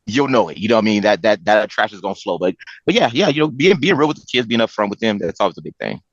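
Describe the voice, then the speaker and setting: Fast-talking man in his forties. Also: lowish voice, no echo, muffled recording. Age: 40s. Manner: animated storyteller acting out quotes. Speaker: podcast host. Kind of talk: casual chat.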